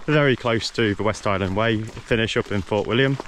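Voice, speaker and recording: A man's voice: fairly low pitch, a little fast, a bit bright. Guy chatting on a hike, lots of ums, outdoors with a bit of rural background noise. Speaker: vlogger walking a long-distance trail. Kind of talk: casual walking vlog commentary.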